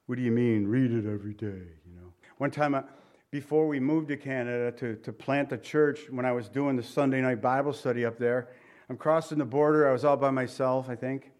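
A middle-aged American man preaching a sermon as pastor, talking conversationally with rhetorical questions and dropping softly for emphasis. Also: mid-range voice, steady tone, brisk. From United States.

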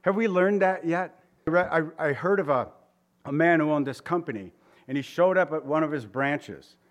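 A man's voice: a little high, moderate pace. Man preaching a conversational sermon. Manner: conversational preaching with rhetorical questions and voiced quotes. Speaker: pastor.

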